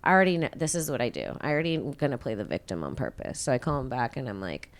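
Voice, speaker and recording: A woman in her thirties hosting a podcast, telling a story casually and profanely, acting out quotes. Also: racing. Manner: animated, profane, acts out quotes with big pitch jumps. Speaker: podcast host.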